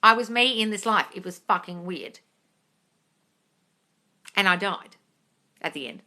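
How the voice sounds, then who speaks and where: A woman's voice: medium pitch, measured pace, bright, forceful tone. Blunt, swearing woman scolding viewers. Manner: reads viewer comments aloud. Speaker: manifesting coach answering live comments. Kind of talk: casual live-stream Q&A.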